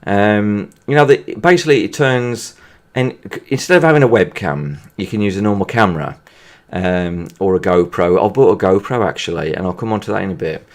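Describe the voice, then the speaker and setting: A deep-voiced man chats casually over his football game, his nose audibly stuffy from hay fever. He rambles, circles back and restarts his sentences as he talks to his viewers. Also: fairly quick, few pauses. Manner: rambling and hesitant, full of restarts. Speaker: gaming video creator. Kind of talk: casual commentary while playing a football video game.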